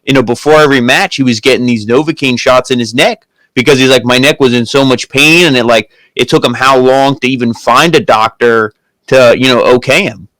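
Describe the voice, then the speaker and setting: A man's voice: mid-range voice, a little fast, a bit bright, dry recording, rough recording. Laid-back man, dry close sound. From Pennsylvania. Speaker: podcast co-host. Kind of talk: casual review chat.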